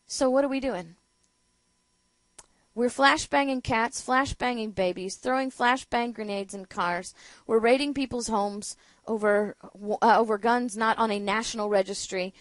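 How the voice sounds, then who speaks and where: A woman's voice: a little high, unhurried, no room sound. A woman hosting a political talk show, giving opinionated commentary with sarcasm, rhetorical questions and emphatic outbursts. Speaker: radio talk show host.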